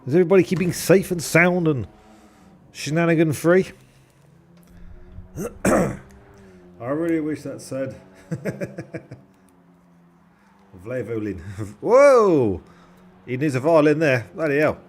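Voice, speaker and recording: A man's voice: a little high, lively intonation, takes it slowly, pauses often, darkish tone. A young man commentating a sim race on a live stream, chatty and jokey, with casual swearing and thanks to subscribers.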